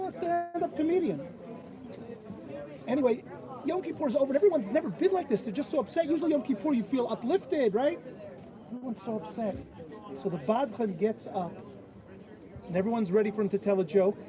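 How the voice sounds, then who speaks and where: A man giving a sermon at a bat mitzvah, telling stories and acting out the voices of people he quotes. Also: very high voice. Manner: animated storyteller who acts out quoted voices. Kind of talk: sermon with storytelling. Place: outdoors at an old stone wall. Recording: outdoor crowd noise.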